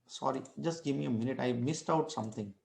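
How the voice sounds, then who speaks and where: A man's voice: mid-range voice, fast talker, creaky, darkish tone, roomy sound. A man giving an online lecture, explaining step by step with restarts and frequent "right?" checks. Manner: explains step by step, many restarts and tag questions.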